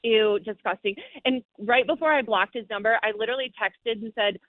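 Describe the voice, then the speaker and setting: Woman, caller, high pitch, animated, swearing, tinny phone line. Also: brisk, dry recording. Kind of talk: casual storytelling. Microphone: phone call.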